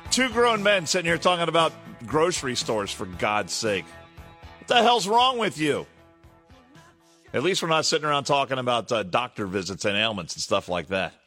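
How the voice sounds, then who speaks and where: A man's voice: mid-range voice, sing-song, moderate pace, pushed and bright, in a large hall, faint music behind. A man hosting a morning call-in radio talk show, casual and folksy as he chats with callers.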